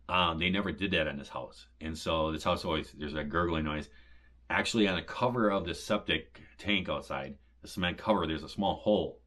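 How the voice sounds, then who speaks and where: A man's voice: extremely low pitch, fairly bright tone. A man, recovering from back surgery, giving a rambling casual update to his viewers and retelling his conversations. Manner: rambling, repeats "and stuff" and "he says", retells conversations. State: recovering from back surgery, occasional pain when coughing. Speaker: homestead vlogger.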